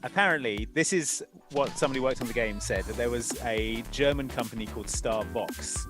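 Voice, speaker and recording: A man hosting a quiz in casual chat, dry and teasing, with quick asides. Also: medium pitch, music in the background. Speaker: quizmaster.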